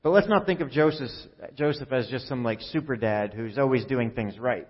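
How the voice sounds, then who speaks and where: A man's voice: medium pitch, moderate pace, husky. A male pastor preaching a sermon in a conversational, joking way, acting out the quoted lines. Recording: muffled sound with long hall reverb.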